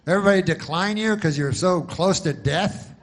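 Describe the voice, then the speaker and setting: A man putting on a pushy insurance pitchman. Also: moderate pace. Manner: salesy, rambling pitch. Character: pushy male insurance pitchman for old people.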